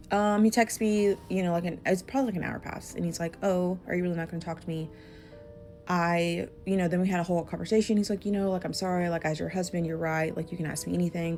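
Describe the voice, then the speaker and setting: A woman tells a casual storytime in a chatty way, acting out both sides of the dialogue. Her voice sits a bit low and runs into heavy vocal fry. Faint music plays under her. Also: steady tone, brisk, warm tone. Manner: chatty, full of fillers and quoted dialogue.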